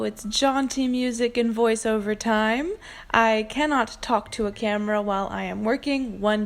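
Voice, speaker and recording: An American woman narrating her cooking video in a casual voiceover, joking at her own mistakes. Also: medium pitch. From United States. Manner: self-mocking, joking. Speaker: cooking vlogger. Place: home kitchen, recorded voiceover.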